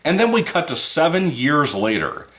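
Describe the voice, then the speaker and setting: A man's voice: fairly high pitch, big pitch swings, normal speed, fairly bright tone. A man giving a casual, rambling movie review, swearing freely and laughing between points. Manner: rambling, profane, laughs often.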